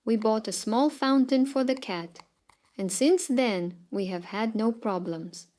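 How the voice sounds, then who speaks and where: A woman narrating short, funny real-life pet anecdotes in a lively storytime delivery, her loudness swinging up and down to land the punchlines. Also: on the high side, a little slow.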